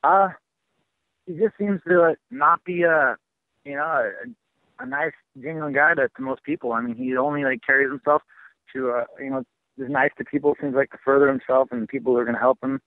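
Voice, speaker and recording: A fighter answering press questions on a conference call, halting with lots of fillers, heard over a phone line. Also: male voice, medium pitch, no echo. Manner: halting, many fillers and restarts, dismissive. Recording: tinny dry phone line.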